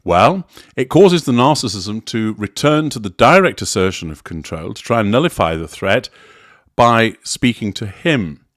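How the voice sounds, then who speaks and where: Measured low-voiced man analysing. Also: expressive, fairly bright tone, no echo, studio quality. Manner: measured, deliberate, explanatory. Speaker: commentator on narcissism. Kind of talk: analytical commentary.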